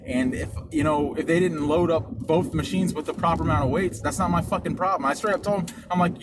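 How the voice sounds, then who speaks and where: A young man tells a story in an animated, swear-heavy, emphatic way, his voice sitting fairly high for a man. He sounds like he is talking in a moving car. Loud road and cabin noise runs under every word. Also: quick pace, hardly any pauses. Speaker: podcast co-host. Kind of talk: casual storytelling chat. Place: car during a delivery drive.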